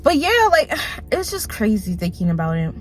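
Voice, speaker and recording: A young woman talks into her phone in a loose, rambling vlog rant, packed with "like" and little laughs. Her pitch sits in an ordinary middle range. Soft music plays faintly behind her. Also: huge pitch swings. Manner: rambling, lots of "like", quick laughs and mock voices. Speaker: vlogger. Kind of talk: casual rant to camera.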